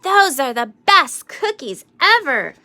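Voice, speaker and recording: A woman voicing an excited young boy ballplayer in a read-aloud storybook, eager and a bit bossy. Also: high-pitched, slow pace, pitched above the performer's own voice, heavily acted.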